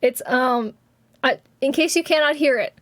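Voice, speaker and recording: A woman's voice: sits high, moderate pace, fairly bright tone, no echo, studio quality. A young woman streamer chatting casually on a live stream, giggling often and swearing offhandedly, with music faintly behind. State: has covid.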